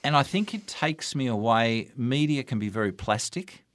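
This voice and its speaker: A man's voice: mid-range voice, lively intonation, normal speed, no room sound. An older Australian man, a radio broadcaster and MC, telling anecdotes about his career in an interview. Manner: anecdotal, warm storytelling with quoted dialogue. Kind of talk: storytelling interview answers.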